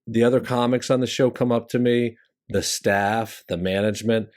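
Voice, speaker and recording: Animated middle-aged male comic storyteller. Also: normal speed. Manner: animated storyteller who jumps high in pitch for punchlines; conversational, with fillers and restarts. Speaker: stand-up comedian and show host. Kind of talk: storytelling monologue about comedy craft.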